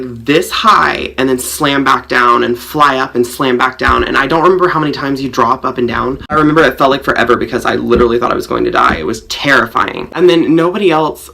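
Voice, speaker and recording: A man tells a story from his own life to the camera, rambling and self-mocking, stuffing his talk with fillers. His voice is bright and forward with a gravelly rasp running under it. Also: on the high side. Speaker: vlogger. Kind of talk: storytime vlog.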